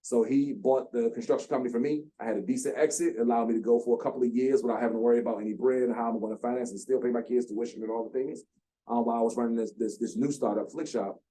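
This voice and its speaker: Animated man telling a founder story. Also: medium pitch, quick pace. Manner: animated, acts out quotes with slang. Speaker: guest speaker, founder. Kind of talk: storytelling talk. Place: lecture room.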